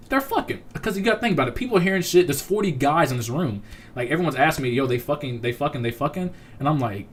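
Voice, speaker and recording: A young man telling a profane, animated story on a casual livestream, acting out other people's lines. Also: mid-range voice, a little hiss or hum.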